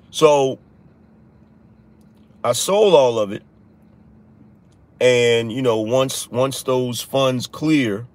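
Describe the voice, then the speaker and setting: A man hosting a live-streamed political show, talking straight to his viewers and mocking critics. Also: medium pitch. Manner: talks to viewers, mocks critics in a raised voice. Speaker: podcast host.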